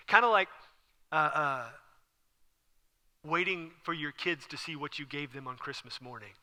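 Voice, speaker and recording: A man preaching an animated sermon as pastor, acting out scenes with sudden whispers and exclamations. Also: a little high, unhurried, long pauses. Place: church sanctuary. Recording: church hall with long reverb.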